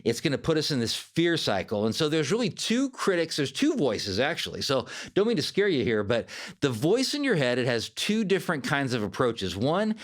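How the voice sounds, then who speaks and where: A man hosting a podcast as a life coach, giving a motivational monologue in an animated, conversational way. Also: on the high side, moderate pace.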